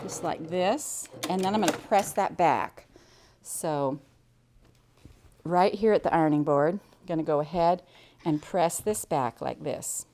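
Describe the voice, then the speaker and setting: A woman's voice: fairly low pitch, a little slow, warm tone, a little hiss or hum. A middle-aged American woman teaching quilting, chatting cheerfully as she explains each step while she cuts and sews. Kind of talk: hands-on sewing tutorial.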